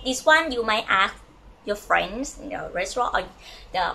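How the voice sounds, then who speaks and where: A woman whose first language is Thai, teaching a language lesson and slowly repeating words for learners to copy. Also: mid-range voice, gravelly, pushed and bright, a little hiss or hum, rough recording.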